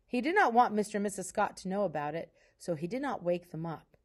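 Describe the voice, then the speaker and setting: Calm woman reading a storybook aloud. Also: medium pitch, fast. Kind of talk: reading a children's novel aloud.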